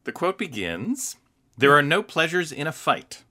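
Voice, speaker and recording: A woman co-hosting a talk show, reading quiz options aloud in a teasing, lively way. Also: deep voice, a little slow. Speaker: co-host.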